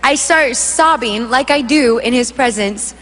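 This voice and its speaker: Woman, worship singer; high voice, animated testimony with acted-out voices, long reverb from a big hall. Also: measured pace, soft background music. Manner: animated storytelling, acting out voices. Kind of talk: emotional spoken testimony.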